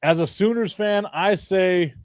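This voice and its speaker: A man's voice: high-pitched, unhurried, no echo, studio quality. Joking male sports talk host. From Chicago. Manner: joking, rambling, laughs often. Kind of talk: casual sports talk stream.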